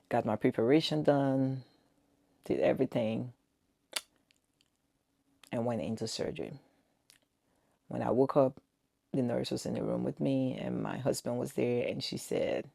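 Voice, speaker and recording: A woman's voice: very deep voice, unhurried, vocal fry, long pauses, dark tone, dry recording, studio quality. A woman in her forties telling an earnest, emotional personal story to camera, with quoted dialogue. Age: 40s. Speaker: vlogger.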